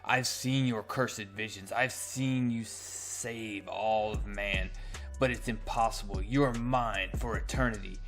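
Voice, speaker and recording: A menacing demon speaks slowly and deliberately, as a man reads his lines aloud. The voice stays in the man's own middle range, a little low, with faint music behind. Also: fairly even intonation, a bit bright. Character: hungry male demon of the damned, menacing.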